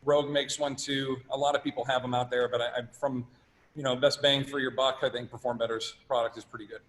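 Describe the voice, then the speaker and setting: A man's voice: mid-range voice, level tone, fast, fairly bright tone. A man with a mid-range voice talks casually through a fitness workshop session and fields audience questions. A long reverb trails behind his words, as in a large hall. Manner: casual, conversational. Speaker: presenter at a fitness summit. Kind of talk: live workshop talk and Q&A.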